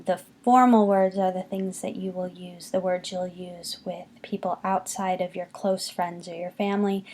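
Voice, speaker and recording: Woman teacher going real slow over french greetings, repeats everything, mid pitch. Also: a little mellow. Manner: patient, slow, repeats words for students to copy. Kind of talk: recorded classroom lesson.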